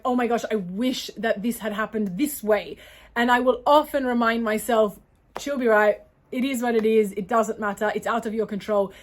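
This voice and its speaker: Australian woman vlogger, slightly high pitch, chatty and self-correcting, apologizes often. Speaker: vlogger answering viewer questions. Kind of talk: casual Q&A monologue.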